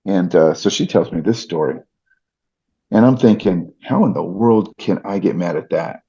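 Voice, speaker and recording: A middle-aged man, a fight announcer appearing as a podcast guest, tells stories in a casual interview with an earnest, reflective manner and many restarts. His voice is low, warm and slightly rough, at a moderate pace. The podcast audio is dull and lo-fi.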